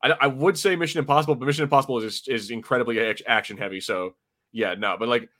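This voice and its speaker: A man's voice: medium pitch, fast, a bit bright. A man co-hosting a podcast, chatting casually in a rambling way with many fillers and restarts. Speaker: podcast co-host. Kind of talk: casual podcast review chat.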